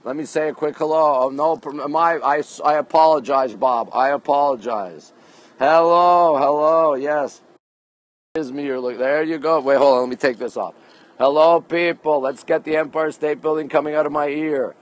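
A man's voice: fairly high pitch, fairly quick, hardly any pauses, highs cut off. A man from Canada hosting a casual livestream on a city rooftop at night, greeting viewers by place name and reading their comments aloud into his phone. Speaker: livestream host.

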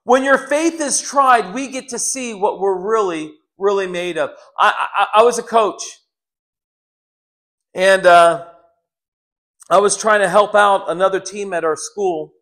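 High-voiced earnest man preaching a sermon. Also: measured pace, sharp tone. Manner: earnest, storytelling with repeated restarts.

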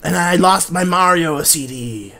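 A woman's voice: on the low side, unhurried, pushed and bright, voice pushed down. A woman playing a pompous, bumbling male horror storyteller who narrates a spooky story theatrically, with blustery outbursts. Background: plucked guitar music.

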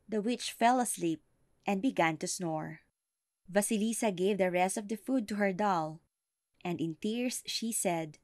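A woman reading a folktale aloud as an audiobook narrator, slow and deliberate. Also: medium pitch, a little mellow, no echo, clean studio sound. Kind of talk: storybook narration.

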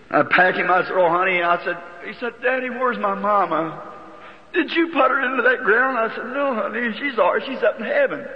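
A man preaching a personal testimony, emotional and pleading, his voice climbing as he prays. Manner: emotional, pleading, rises in pitch when praying. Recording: old muffled sermon tape in a hall.

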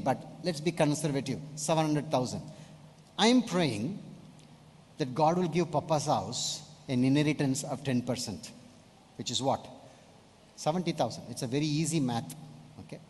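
A man's voice: medium pitch, a little mellow. A male pastor preaching a sermon emphatically, often putting questions to the congregation. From India. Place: church hall. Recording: long hall reverb.

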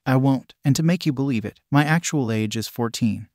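A man voicing a teenage boy hacker who talks in a flat monotone. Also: mid-range voice, brisk, dry recording, clean studio sound, close to an everyday voice. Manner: flat, even delivery.

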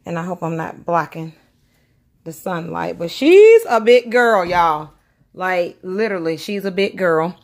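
A woman's voice: fairly low pitch, expressive, a little slow, a little mellow. A woman chatting casually to her viewers while unboxing a doll at home. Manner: chatty, addresses viewers as y'all. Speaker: doll collector vlogger. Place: indoors at home, by a window.

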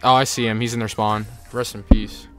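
A man casually commenting on his own gameplay, swearing often and yelling when frustrated. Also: lowish voice, flat delivery, a little fast. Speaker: streamer playing a team shooter.

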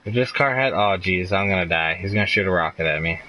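A young man streams his gameplay in a low, bright and forceful voice, narrating loosely to his viewers. He gets irritated and swears freely, with faint noise under the recording. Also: fast, poor audio. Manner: frustrated, swearing, laughing outbursts. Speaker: live streamer. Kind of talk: casual gameplay commentary.

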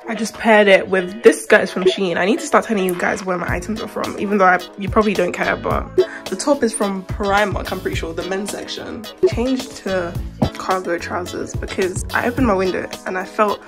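Young female student vlogger, chatty and giggly, mid-pitched, music bed behind. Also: steady tone, fairly quick. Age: young adult. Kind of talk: casual vlog chat. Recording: music playing underneath.

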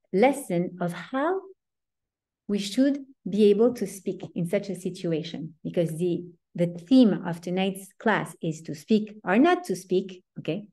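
A woman with a French accent teaching an informal online class over a video call, chatty and animated, often breaking into laughs. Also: mid-range voice, unhurried. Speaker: teacher of a weekly Torah class.

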